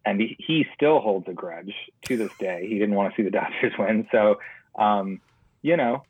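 A man guesting on a podcast, talking in a hesitant, halting casual way over a tinny phone-like line. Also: fairly low pitch, slightly rough, dry recording.

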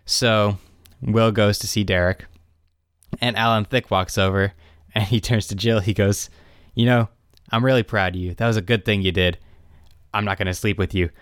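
Young male podcast co-host, animated recap, smooth clear tone, dry close sound. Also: on the low side, normal speed, dry recording. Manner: animated retelling, quotes characters in raised voices. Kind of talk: casual chat.

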